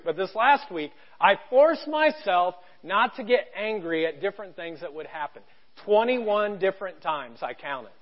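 High-voiced pastor preaching a lively sermon. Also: male voice, muffled recording. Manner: animated, conversational preaching with acted-out quotes. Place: church.

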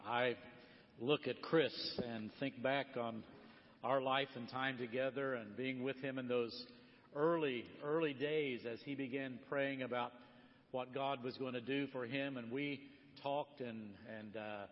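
A man preaching a sermon as a guest speaker, telling stories with lively quoted voices. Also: medium pitch, a little slow. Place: church sanctuary. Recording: long hall reverb, dull lo-fi sound.

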